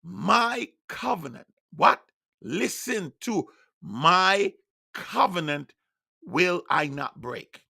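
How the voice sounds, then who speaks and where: A man whose first tongue is Patois preaches in a high, bright, gravelly voice. He is emphatic and insistent, and now and then rises to loud declarations. The delivery has a sharp, piercing edge. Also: animated, extremely slow. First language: Jamaican Patois. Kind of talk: online sermon broadcast.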